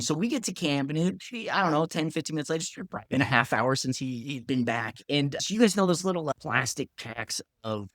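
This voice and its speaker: A man, a pharmacist, telling a story in a casual, animated way, acting out other people's lines and saying "like" a lot. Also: on the high side, a little fast, few pauses, dry recording, clean studio sound.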